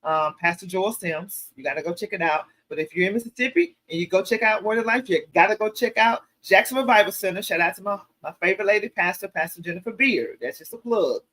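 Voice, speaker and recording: Bright-voiced woman hosting a livestream. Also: mid-range voice, fast, few pauses. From American South. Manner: animated, preachy storytelling, addresses viewers as y'all. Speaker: show host. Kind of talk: casual livestream Q&A talk.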